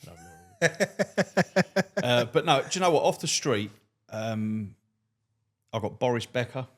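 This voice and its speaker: A man's voice: medium pitch, normal speed. A man, a cab driver and stand-up comic, telling blunt, profane stories on a podcast. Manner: blunt, profane, deadpan storyteller. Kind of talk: swearing anecdotal storytelling.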